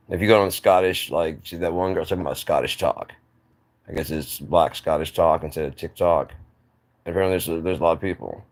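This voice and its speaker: Very deep gravelly man ranting. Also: a little fast. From United States. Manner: rambling, opinionated, restarts often. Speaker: channel host. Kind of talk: casual monologue to camera.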